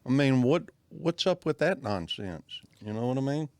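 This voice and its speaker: A man's voice: mid-range voice, animated, moderate pace, a little mellow, no echo. A man co-hosting a podcast in casual chat, laid-back with indignant asides. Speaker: podcast co-host.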